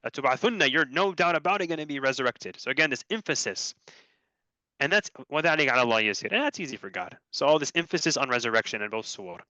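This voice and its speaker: A man giving a religious lesson, reciting short Arabic verses and explaining them in English with lively shifts. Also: mid-range voice, no echo. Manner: animated, quickly switching between recited Arabic and English explanation. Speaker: Islamic teacher presenting on Quran structure. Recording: dry, dull lo-fi recording.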